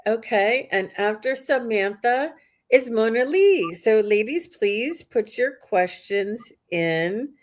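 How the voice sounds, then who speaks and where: A woman's voice: a little high, lively intonation, slow. A woman hosting a live psychic reading stream, chatty and reading viewers' comments aloud.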